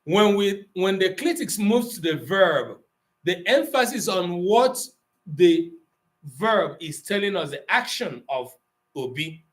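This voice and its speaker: A man's voice: sits high, expressive. Patient man teaching an online language class. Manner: patient, explains grammar slowly, switches between Igbo and English.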